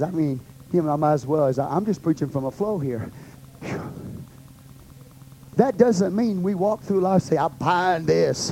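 A man with a Texan accent, a pastor teaching a Bible study to a group, preaching with passion that swings between loud and hushed. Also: on the high side, slight background noise, low-quality recording. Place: church meeting room with a group.

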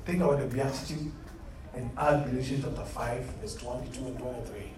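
Brisk and fairly even in intonation, a man with a mid-range voice preaches interactively to a youth group, earnestly quizzing them in Bible study and calling them "beloved." The audio is echoey, with a far-off mic, a faint hum, and a room set with chairs.

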